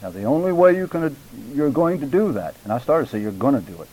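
A man lecturing a church class on public speaking, enunciating deliberately and stressing key words, sometimes addressing students by name. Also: fairly high pitch, sing-song, dark tone, poor audio. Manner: measured, emphatic, deliberate enunciation.

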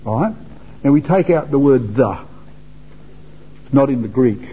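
Husky older man teaching a Bible class. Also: mid-range voice, animated, a little slow. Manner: chatty, repeats words, asks listeners questions. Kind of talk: informal Bible talk to young men. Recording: dull lo-fi recording.

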